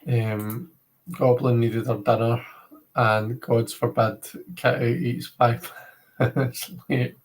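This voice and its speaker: A Scottish man chatting casually on a livestream, his voice sitting at an ordinary middle pitch. He rambles from one thought to the next, leaning on filler words as he talks to his viewers. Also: flat delivery, takes it slowly, a little hiss or hum, poor audio. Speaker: livestream host.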